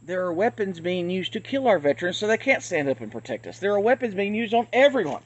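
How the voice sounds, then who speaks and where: A man's voice: sits high, sing-song, fast, muffled recording. Blunt ranting man on a phone vlog. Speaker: channel host. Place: outdoors near traffic. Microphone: handheld phone.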